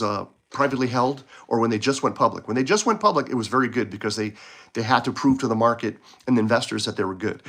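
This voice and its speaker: A frustrated man vents straight into the camera in a loose, rambling rant. His voice sits at an ordinary middle pitch, but it jumps up sharply whenever he gets indignant. He stumbles and restarts his sentences as the complaints pile up. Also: fairly bright tone. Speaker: video blogger. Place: home in Poland.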